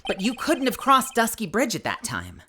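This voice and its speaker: A woman's voice: a little high, wildly swooping pitch, moderate pace, noisy background, pitched above the performer's own voice. A woman voicing a confident young male defense attorney who lays out a contradiction. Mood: assertive. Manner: assertive, explaining.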